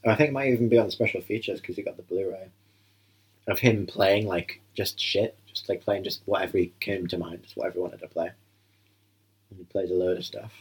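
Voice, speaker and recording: A man's voice: sits low, fairly even intonation, a little fast, husky. A man co-hosting a casual film commentary, joking crudely and rambling as he watches.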